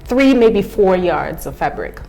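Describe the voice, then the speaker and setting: A woman with a British London accent, a TV host and actress appearing as a guest, chats frankly and tells stories with animation. Her voice is fairly low, with vocal fry, and she keeps a measured pace in this casual conversation.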